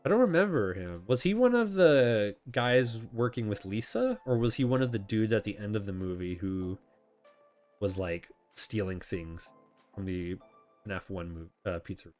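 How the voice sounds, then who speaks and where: A man's voice: on the low side, expressive, moderate pace, darkish tone, faint music behind. A man hosting a casual chat, answering viewer questions in a rambling, self-correcting way and laughing often.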